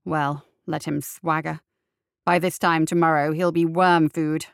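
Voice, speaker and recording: Brief: woman narrator doing a menacing storybook minister, measured threats, dry close sound. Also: deep voice, level tone, vocal fry, clear, resonant tone, no echo. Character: scheming male minister, commanding and menacing.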